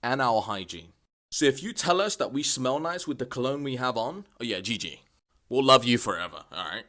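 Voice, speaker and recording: A young man vlogging comic rants, swearing constantly and bursting into exasperated shouts. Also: medium pitch, lively intonation, moderate pace. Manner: profane, exasperated ranting with sudden shouts. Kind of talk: comedic rant vlog.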